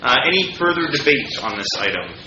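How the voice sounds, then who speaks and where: A man's voice: medium pitch, sing-song, a little fast. A man chairing a student council meeting, procedural with many fillers and restarts. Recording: roomy, dull, noisy meeting room.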